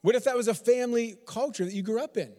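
A man with a high voice preaches from Texas-born conviction, stacking repeated phrases and rhetorical questions. His sermon rings out with a long reverb, as if in a large sanctuary. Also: fast, warm tone. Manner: repetitive, emphatic rhetorical questions. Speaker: pastor.

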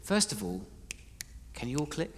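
A man preaching live in a church hall, playful and energetic, directing his congregation as he tells a story. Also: medium pitch, moderate pace. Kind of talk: interactive sermon storytelling. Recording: reverberant hall, faint noise.

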